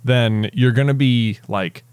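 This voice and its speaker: A man's voice: medium pitch, steady tone, slow, a little mellow, smooth, no echo. A man co-hosting a podcast in casual chat, easygoing and wryly teasing. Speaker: podcast co-host. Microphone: podcast mic with headphones.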